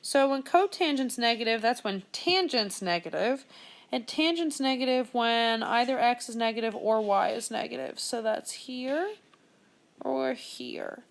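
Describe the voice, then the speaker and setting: Gravelly woman explaining math step by step. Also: fairly high pitch, unhurried. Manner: steady step-by-step explaining, thinking aloud. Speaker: math teacher. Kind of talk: screen-recorded math lesson.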